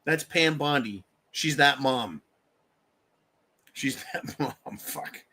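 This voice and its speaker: Bright-voiced, swearing, angry male streamer. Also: medium pitch, slow. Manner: angry, heavily profane; reads out and thanks viewer donations. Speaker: livestream host. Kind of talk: political rant on a live stream.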